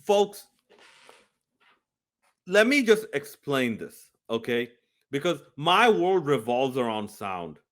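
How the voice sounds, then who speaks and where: A man's voice: medium pitch, sing-song, slow, pauses often. A man reviewing a video game, speaking earnestly and emphatically straight to his viewers. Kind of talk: scripted review talk.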